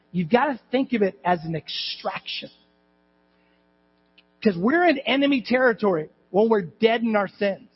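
A male pastor preaching a sermon in church, animated and emphatic, with rhetorical questions to the congregation. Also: high-pitched, big-room sound, highs cut off, slight background noise. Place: church hall.

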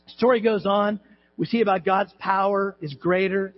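A male pastor preaching a sermon in church, animated and emphatic, with rhetorical questions to the congregation. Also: high voice, moderate pace, long reverb tail, highs cut off. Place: church hall.

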